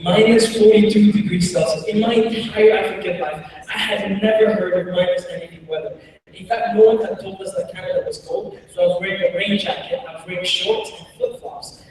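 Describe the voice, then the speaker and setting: A young man from Congo, whose first language is Kiswahili, tells animated, humorous stories as a keynote speaker. His voice sits high for a man. It comes from far away in a big hall with a long echo. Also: fairly quick. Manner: animated and humorous, with frequent laughs. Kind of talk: storytelling keynote talk. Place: large hall. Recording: echoey hall, far from the mic.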